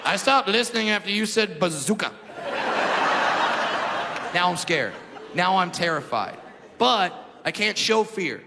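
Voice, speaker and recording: A man's voice: sits high, unhurried, gravelly, pauses often, very noisy. A man performing a stand-up comedy routine on a club stage, telling stories in a brash, punchy way. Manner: brash storytelling, punchy and animated. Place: comedy club stage before a large audience. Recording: reverberant club hall, loud crowd laughter.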